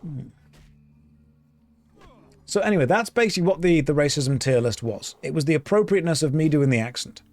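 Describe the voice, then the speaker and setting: English guy streaming a game, joking around, bit high voice, dry close sound. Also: expressive, a little fast, long pauses, a little mellow, no echo, soft background music. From England. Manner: rambling, joking, thinking aloud. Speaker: streamer playing an online game. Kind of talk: casual gameplay chat.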